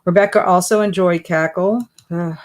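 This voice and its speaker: A woman's voice: lowish voice, steady tone, moderate pace. A woman hosting a casual live stream from her home office, chatting and answering viewer comments as they come in. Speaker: booktube live stream host.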